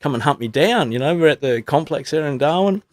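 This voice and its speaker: A man's voice: fairly high pitch, expressive, brisk, no room sound, studio quality, natural voice. A man voicing a cheeky male monkey athlete in a joke he is telling, in a matter-of-fact way. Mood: chatty.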